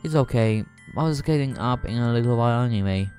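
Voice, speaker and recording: A man voicing a gentle, caring middle-aged mother in a story reading, speaking softly and soothingly. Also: medium pitch, fast, faint music behind, lightly acted. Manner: soft, soothing, affectionate. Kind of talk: fan mod story reading.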